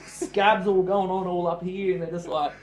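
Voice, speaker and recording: A man co-hosting a podcast, chatting casually and telling stories with lively acted-out voices. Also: high-pitched, normal speed, over music. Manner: animated storyteller, acts out other people's voices. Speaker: podcast co-host. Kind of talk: casual chat. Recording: echoey room.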